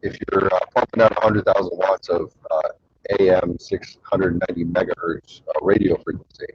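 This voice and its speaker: A man's voice: low voice, steady tone, normal speed, husky, dry recording, dull audio. A man hosting his own show, telling rambling stories casually with lots of fillers and crude humor. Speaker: show host.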